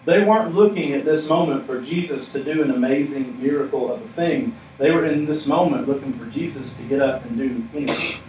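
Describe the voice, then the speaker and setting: A man's voice: mid-range voice, brisk, a little mellow. A man preaching a sermon on stage in a conversational, joking way, asking the audience questions. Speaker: pastor. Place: stage in a church hall. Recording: echoey room from far off with faint noise.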